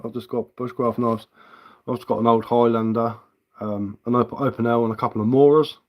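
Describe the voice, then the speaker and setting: A man's voice: mid-range voice, steady tone, brisk. A man chatting casually on a live stream as a woodcarver, easygoing and answering viewer comments.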